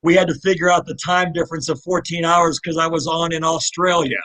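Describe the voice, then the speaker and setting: Man, middle-aged, slightly high pitch, earnest, heartfelt, storytelling guest. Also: fairly quick, low-quality recording. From Louisville, Kentucky. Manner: earnest, heartfelt, animated retelling with repeated restarts. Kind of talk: live interview storytelling.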